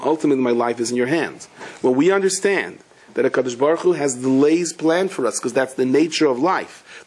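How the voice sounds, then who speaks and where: A rabbi tells stories in a sermon, his mid-range voice slightly mellow and husky. He's conversational and funny, joking with the audience and posing questions he then answers himself.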